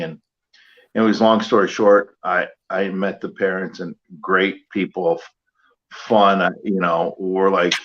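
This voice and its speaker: Low-voiced man telling a rambling story. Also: fairly bright tone, highs cut off. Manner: rambling, many fillers and restarts. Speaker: guest wrestler signing autographs. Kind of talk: casual storytelling.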